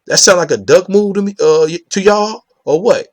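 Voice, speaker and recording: A man's voice: sits high, normal speed, darkish tone, no echo, clean studio sound. A man hosting his own boxing commentary channel, talking casually to viewers in a rambling way, with many restarts and the repeated filler "you know what I'm saying", and asking viewers for their opinions. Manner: talks straight to viewers, asks for their opinion.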